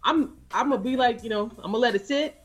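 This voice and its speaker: A woman's voice: fairly high pitch, fast. A woman co-hosting a casual chat show, telling stories and acting out the people in them. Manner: animated, acts out quoted voices. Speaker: co-host.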